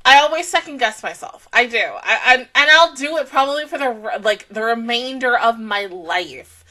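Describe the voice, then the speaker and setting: A woman hosting an anime reaction video, talking in a casual, rambling, excitable and emotional way. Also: sits high, moderate pace.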